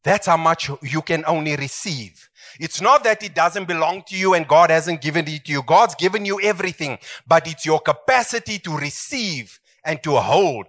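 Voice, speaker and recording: A man's voice: on the high side, expressive, moderate pace, fairly bright tone. A middle-aged man preaching a sermon as pastor, emphatic and swooping, calling for amens.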